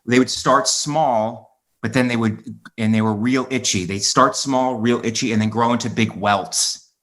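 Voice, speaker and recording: A man hosting a casual podcast, speaking at a middle pitch in an everyday voice. He rambles through his story and loops back to recount what other people said. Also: fairly even intonation, normal speed, a bit bright. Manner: rambling storyteller who recounts quoted exchanges. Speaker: podcast host.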